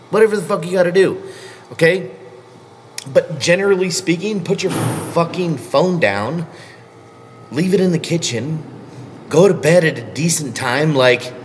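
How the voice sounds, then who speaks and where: A man's voice: on the high side, a little hiss or hum. A man coaching powerlifters in a casual vlog rant, blunt and scolding, swearing constantly. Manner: blunt, heavily profane, scolding.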